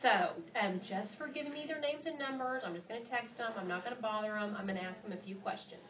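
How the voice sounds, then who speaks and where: A woman's voice: on the high side, fast. A bubbly woman with a twang runs a live training session, talking cheerfully to a small group. She is caught from across a roomy space on a tablet mic, so the sound is distant and a bit dull, with a faint hiss underneath. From United States. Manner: bubbly and enthusiastic, chatty. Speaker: sales trainer. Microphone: tablet mic from across the room.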